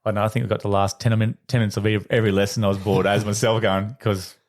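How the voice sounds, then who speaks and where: A middle-aged man with an Australian accent hosting a casual podcast chat, chatty and quick to agree. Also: on the low side, little pitch movement. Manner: chatty, quick, affirms with frequent yeahs. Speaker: podcast host, teacher.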